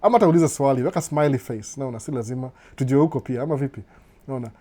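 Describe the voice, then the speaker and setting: A man's voice: medium pitch, rapid-fire, dark tone. A middle-aged Kenyan man hosting a casual live stream, reading viewer comments and switching between Swahili and English, often saying "no, no" and chuckling.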